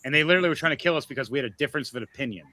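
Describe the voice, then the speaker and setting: A man's voice: medium pitch, racing, sharp tone. A man ranting furiously on a livestream podcast, profane and threatening. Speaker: podcast co-host.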